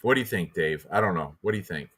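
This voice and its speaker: A man hosting a fight prediction show in casual chat, rambling and excitable, with lots of fillers and restarts. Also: deep voice, fast, slight background noise.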